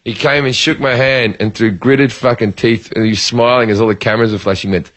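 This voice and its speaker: A man's voice: medium pitch, brisk. An Australian man, a comedian, telling a profane story in casual podcast chat and acting out the lines of the people in it. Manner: profane, animated, acts out quoted lines.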